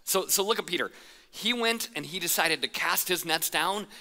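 A male pastor telling a personal story in a sermon, animated and playful, acting out voices and counting. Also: high voice, moderate pace, vocal fry, big-room sound. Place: church auditorium.

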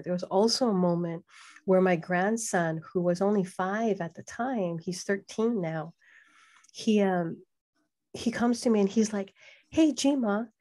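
A middle-aged woman from Hawaii, a podcast guest, telling a personal story in an animated way, acting out the voices she quotes, with frequent fillers. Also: medium pitch.

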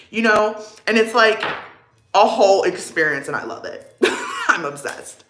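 A woman's voice: mid-range voice, animated, normal speed, a bit bright. A young woman chatting casually on a get-ready-with-me livestream, rambling with lots of fillers and answering her chat. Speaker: livestream vlogger. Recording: echoey room.

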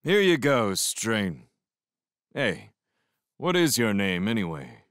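A man's voice: fairly low pitch, huge pitch swings, slow pace, a bit bright, no room sound, studio quality, heavily acted. A man reading aloud and voicing an easygoing, cheerful young man with a breezy, light delivery.

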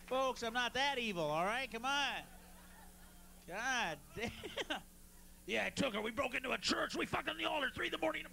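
A man doing a stand-up routine on a club stage, brash and profane, working the crowd and bursting into shouts. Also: very high voice, lively intonation, normal speed, vocal fry, a little hiss or hum. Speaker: stand-up comedian.

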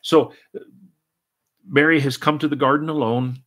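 Steady and fairly bright in tone, a middle-aged man's mid-range voice moves at a moderate pace as he preaches. He is a pastor, earnest and repetitive, frequently restarting and stacking up "and, and."

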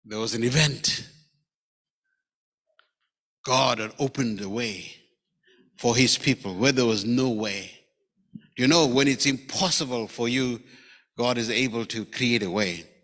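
A man's voice: mid-range voice, measured pace, pauses often, a bit bright. A man with a South African accent preaching a sermon as a pastor, telling the story conversationally and acting out quoted lines. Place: church sanctuary. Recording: church hall with long reverb.

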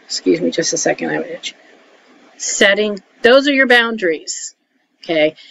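A woman talking casually to camera, giving frank advice and often checking in with a quick "okay?". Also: medium pitch, animated, gravelly, a bit bright. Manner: chatty, keeps checking in with "okay?"; frank, mildly salty. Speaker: emotional support vlogger. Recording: dull lo-fi audio with faint hiss.

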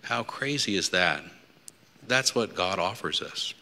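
Deacon guy giving a lent talk, chatty with lots of asides, really bright tone, big church reverb. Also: sits low, animated, unhurried, gravelly. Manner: conversational preaching with asides and hypotheticals. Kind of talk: Lenten mission talk.

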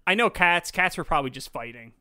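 A man's voice: a little high, animated, fast, pushed and bright, clear, resonant tone, dry recording, clean studio sound. A man hosting a casual podcast, rambling and joking with asides that trail off. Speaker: podcast host.

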